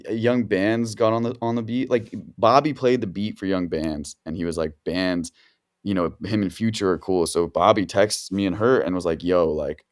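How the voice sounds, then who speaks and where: A man with a somewhat low voice tells stories in a relaxed, rambling way. He is a guest producer talking casually on a podcast, and his speech is full of slang. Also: smooth. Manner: laid-back, rambling, filler-heavy slang.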